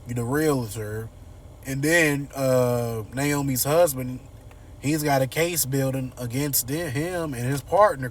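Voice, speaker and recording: A man's voice: medium pitch, recorded from a distance, slight background noise. A man casually recapping a TV episode in loose, slangy storytelling. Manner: loose slangy storytelling, acts out characters' lines. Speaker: TV episode reviewer.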